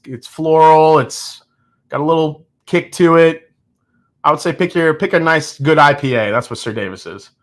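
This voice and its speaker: A man in his thirties hosting a live whiskey-tasting stream, talking casually and candidly with viewers. His voice is bright and forward, at an average pitch for a man. He jokes often and restarts his sentences as he thinks aloud. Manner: candid, joking, with frequent restarts and laughs.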